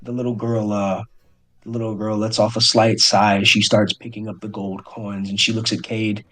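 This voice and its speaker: A man's voice: on the low side, little pitch movement, moderate pace, a bit bright, faint music behind. A man narrating as game master of a tabletop game, often restarting his phrases hesitantly.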